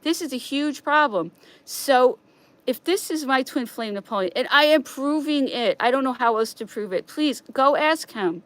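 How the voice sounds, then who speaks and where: On a stream, a woman delivers an agitated, rambling monologue in a high, expressive voice at a moderate pace. She repeats herself and swings between raised outbursts and quiet, hushed passages.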